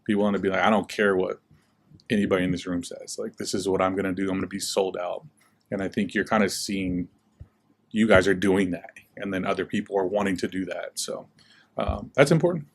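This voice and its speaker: A young man telling his life story in a relaxed, chatty interview. He fills his talk with "like" and acts out the voices he quotes. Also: low-pitched, brisk, gravelly, a little hiss or hum. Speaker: guest speaker.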